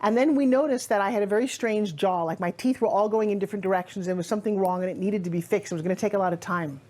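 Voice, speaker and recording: A middle-aged woman from Long Island with a New York accent, giving an energetic, emphatic motivational talk in a conversational way. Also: medium pitch, racing. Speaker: motivational speaker.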